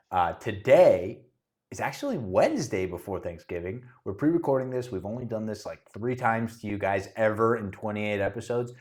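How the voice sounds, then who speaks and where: A man from Miami, who is a realtor, co-hosts a casual podcast, chatty and opinionated, frequently interrupting and restarting his own sentences. His voice is lowish and a little mellow.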